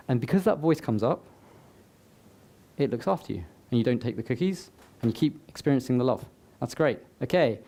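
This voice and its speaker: A man's voice: medium pitch, lively intonation, fairly quick, mellow. A man giving a motivational talk to a live audience, conversational, with joking asides to the crowd. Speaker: summit speaker. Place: live event before an audience.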